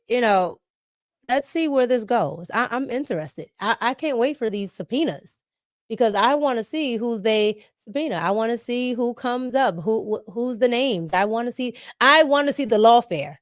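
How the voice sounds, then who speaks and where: A woman hosting a casual political commentary vlog, talking in an animated way with frequent laughter and emphatic tag questions. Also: fairly high pitch, no room sound, clean studio sound. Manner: animated, laughing often, emphatic "okay?" tags.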